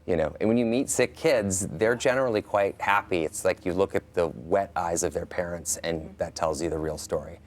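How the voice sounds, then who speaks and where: Deep-voiced man, reflective studio guest. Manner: reflective, halting with restarts. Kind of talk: TV studio interview.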